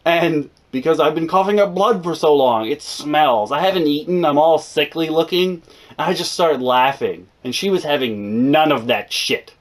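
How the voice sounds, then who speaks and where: Animated young American man telling stories. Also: a little high, moderate pace. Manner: animated, sarcastic, swings between loud and mumbled. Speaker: YouTuber telling a story. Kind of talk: comedic storytime.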